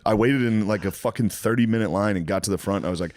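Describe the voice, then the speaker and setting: A man co-hosts a loose, casual podcast, poking fun at himself through sheepish, profane stories. His voice is fairly low. The sound is dry, with no room around it. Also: quick pace, a little mellow, no echo. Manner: sheepish, self-mocking storytelling with laughs and swearing. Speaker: comedian and podcast co-host.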